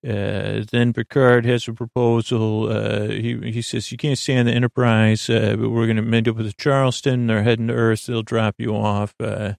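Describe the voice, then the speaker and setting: A man with a low, gravelly voice rambles through an episode recap in an offhand way. His delivery stays flat and monotone as he stops and restarts, loosely paraphrasing what the characters say. The sound is close and dry. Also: no echo. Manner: halting, full of fillers and restarts. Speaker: podcast host.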